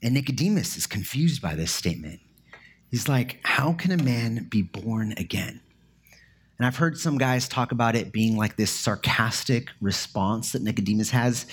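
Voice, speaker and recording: Man, pastor, sermon, conversational, earnest, husky voice. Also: medium pitch. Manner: earnest, conversational preaching with fillers.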